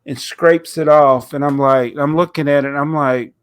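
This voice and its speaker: A man's voice: a little high, steady tone, moderate pace, hardly any pauses, smooth, no echo, clean studio sound. A man with a nasal, stuffed-up voice, recovering from a cold, telling a rambling story on a casual podcast with frequent laughs. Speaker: podcast co-host. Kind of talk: casual chat.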